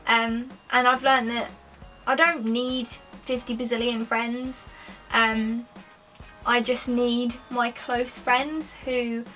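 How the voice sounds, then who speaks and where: A woman's voice: a little high, little pitch movement, slow pace, sharp tone, distant mic, soft background music, low-quality recording. A woman in her twenties chatting casually to camera as a lifestyle vlogger, rambling with lots of "like" and "um". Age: 20s.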